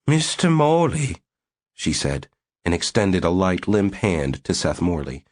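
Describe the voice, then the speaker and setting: A man reading a science fiction novel aloud as an audiobook narrator, steady and even. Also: low voice, unhurried. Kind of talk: scripted narration.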